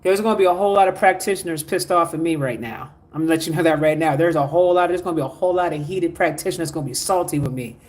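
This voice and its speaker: A man's voice: a little high, very fast, few pauses. A man hosting a spiritual livestream, reading out viewer comments and urging people to like, share and donate. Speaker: spiritual teacher.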